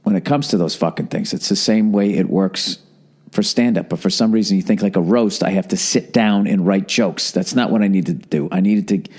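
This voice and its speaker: A man holds the mic alone, spinning a long casual story with a wry, profane edge. His voice sits a little low and unhurried, drifting from one aside to the next. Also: darkish tone, husky. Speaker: podcast host.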